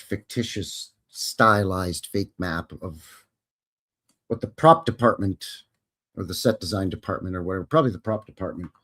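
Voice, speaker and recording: Low-voiced man hosting a chatty livestream. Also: slightly rough. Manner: jokey, chatty, reads viewer chat aloud. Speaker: live stream host. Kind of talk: casual live commentary over film clips.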